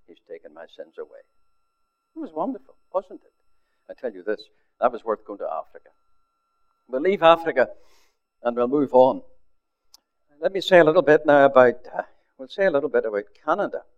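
A man's voice: on the high side, sing-song, brisk, long pauses. Older male pastor telling a story, tinny sound. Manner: storytelling, drops to a hush for quotes. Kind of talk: sermon testimony. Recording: phone-like narrow sound.

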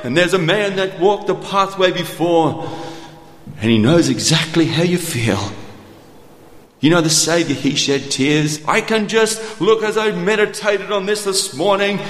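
A man with a high voice preaches a tender, earnest sermon. He slows right down for quiet lines, then rushes through asides. His voice rings out in a roomy hall with a long echo. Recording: echoey hall.

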